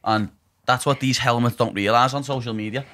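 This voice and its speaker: A man's voice: medium pitch, fairly even intonation, a little fast, pushed and bright. A young man with a Liverpool accent hosting a podcast, blunt and swearing, saying "lad" all the time. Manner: blunt, swears a lot, says "lad" constantly. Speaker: podcast host. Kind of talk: casual chat.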